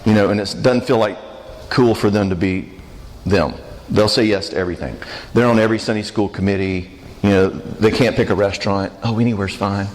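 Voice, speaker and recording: A man's voice: fairly low pitch, fairly even intonation, fairly quick. A man giving a church marriage conference talk, conversational and joking, often asking the audience questions. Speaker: conference speaker. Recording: reverberant church hall.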